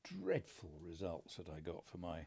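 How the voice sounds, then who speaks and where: Middle-aged man, low pitch, warm dark tone, dry understated storytelling. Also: huge pitch swings, moderate pace, gravelly, husky. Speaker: podcast co-host, father. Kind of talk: casual conversation.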